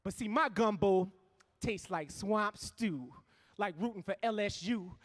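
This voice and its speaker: New orleans guy doing spoken word on stage, really high voice, punchy rhythm. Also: unhurried. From New Orleans, USA. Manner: rhythmic, punchy delivery with sudden loud bursts. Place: live stage in a venue.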